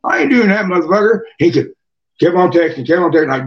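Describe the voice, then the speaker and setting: Brisk and expressive, this man's high voice carries rowdy podcast stories that wander, swear and circle back on themselves. He's a guest, and a dull lo-fi mic captures him from a distance.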